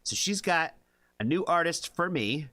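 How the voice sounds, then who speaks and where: A man's voice: a little high, animated, measured pace, sharp tone, dry recording. A man from the United States hosting a music reaction stream, chatting casually with viewers in a rambling way with lots of fillers. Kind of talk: casual live-stream chat.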